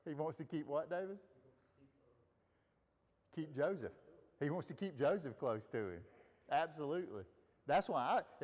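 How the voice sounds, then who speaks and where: A man's voice: a little high, animated, moderate pace, darkish tone, in a large hall. A man leading a Bible study, teaching casually and asking the group questions. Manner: conversational, asks the group questions. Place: room with a group of listeners.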